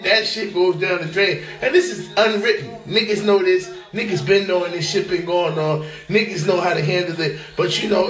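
Profane, animated man with a high voice. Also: echoey room. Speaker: podcast host. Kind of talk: casual solo podcast monologue.

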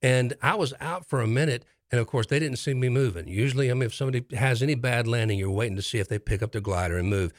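A man telling a story in casual chat, rambling and halting with many restarts. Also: medium pitch, dry recording, studio quality. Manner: animated storyteller.

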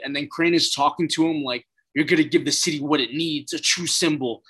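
A man's voice: medium pitch, sharp tone. A man recapping a TV episode in a casual, blunt way, swearing and using plenty of fillers. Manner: blunt, profane, frequent fillers.

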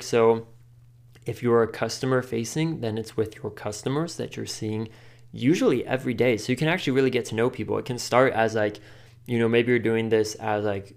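Gravelly chatty man giving advice. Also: mid-range voice. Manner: chatty, filler-heavy with frequent "like", laughs often. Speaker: podcast host. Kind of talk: casual advice chat.

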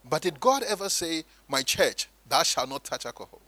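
A man preaching a sermon, animated and sometimes mimicking churchgoers in higher voices. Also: moderate pace, no echo, low-quality recording.

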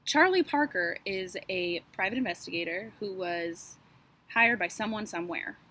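A woman's voice: medium pitch, expressive, normal speed, bright, forceful tone, slight background noise. A woman co-hosting a podcast, recounting a true-crime case in a chatty, sarcastic way with lots of asides and fillers. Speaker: podcast co-host. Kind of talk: casual true-crime storytelling.

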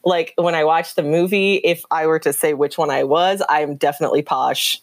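A woman in her thirties, a podcast guest, chatting in an animated, giggly way with many fillers. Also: deep voice, normal speed, a little hiss or hum. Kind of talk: casual chat.

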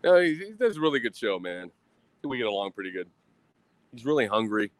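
A man's voice: medium pitch, very animated, a little fast, no room sound, poor audio. A man hosting a casual livestream outdoors at a grill, talking in a profane, rambling, self-mocking way into a phone. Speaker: livestream host.

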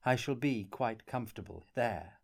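A man voicing a mild, softly ironic young traveling player in an audiobook reading. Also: mid-range voice, moderate pace, creaky. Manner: mild, soft-spoken, subtly ironic.

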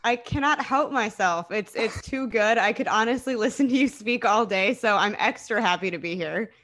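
A woman's voice: on the high side, moderate pace, fairly bright tone. A woman, a podcast guest talking sports in an enthusiastic, conversational way. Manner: enthusiastic, conversational, frequent fillers. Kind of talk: casual sports podcast chat.

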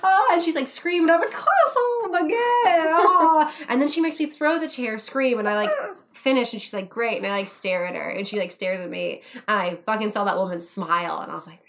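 A young woman telling a funny story in casual chat, animated, swearing, acting out the people she quotes. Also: mid-range voice, fast. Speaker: podcast guest.

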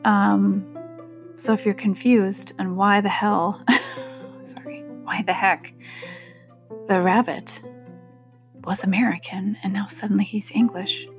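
A woman's voice: mid-range voice, little pitch movement, slow, pauses often, soft background music. A woman hosting a reading podcast, chatting casually with listeners and making joking asides. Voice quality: gravelly fry. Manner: chatty and self-deprecating, aside-prone. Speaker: audiobook podcast host and reader. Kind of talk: casual chat and reading aloud.

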